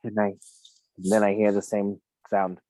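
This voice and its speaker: A man's voice: fairly low pitch, completely flat delivery, unhurried, warm tone, dry recording. A man in a past-life regression session, casually recounting what he sees. He laughs often and acts out the people he quotes. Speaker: regression client.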